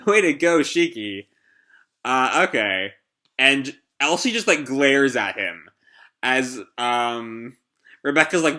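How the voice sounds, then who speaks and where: Young man reacting live, casual and amused, bright tone. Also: medium pitch, takes it slowly. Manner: casual, amused, laughs often. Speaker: reaction host. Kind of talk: live manga reaction commentary.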